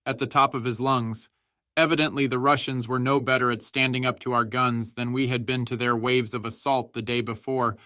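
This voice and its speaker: A man narrating an audiobook in a measured, steady reading style. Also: medium pitch, dry recording, studio quality.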